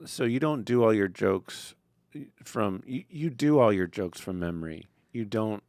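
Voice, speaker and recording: A man hosting a relaxed podcast interview, chiming in with quick affirmations and questions. His voice is lowish and gravelly, recorded close and dry. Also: dry recording. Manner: affirming, many short yeahs. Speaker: podcast host.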